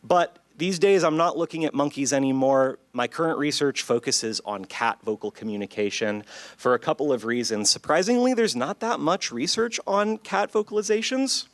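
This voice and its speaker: Speaking in a lecture hall, this man presents his psychology research at a conference, his delivery clear, measured, and engaging. He has a fairly high-pitched voice, and the recording has no room sound.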